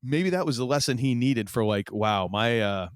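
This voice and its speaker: Rambling man with a lively voice. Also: medium pitch, moderate pace, clean tone, no echo, clean studio sound. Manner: rambling, many fillers and restarts. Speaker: podcast co-host. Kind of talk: casual chat.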